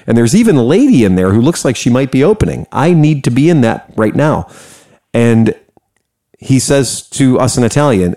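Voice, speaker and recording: An American man casually telling a story, animated and profane, laughing often. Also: medium pitch, normal speed. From United States.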